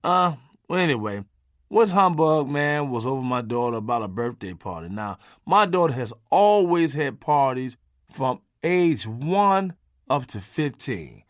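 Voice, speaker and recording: Lively, animated storytelling man. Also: medium pitch, measured pace, no echo, clean studio sound. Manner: animated, punchy, folksy, salty language. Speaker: memoir narrator. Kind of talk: conversational storytelling narration.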